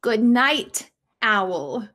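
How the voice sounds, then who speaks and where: A fussy male owl who can't get to sleep, as a woman reader puts him on. He rises into high, lively storybook exclamations. His pace is slow and deliberate. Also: exaggerated voice. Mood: sleepy. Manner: exclaims in rising bursts. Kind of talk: storybook character voice.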